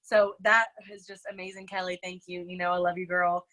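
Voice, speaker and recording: A woman's voice: fairly low pitch, little pitch movement, a little fast, a bit bright, poor audio. A woman hosting a motivational group video call. She talks in an effusive, emotional way and keeps calling the group "y'all".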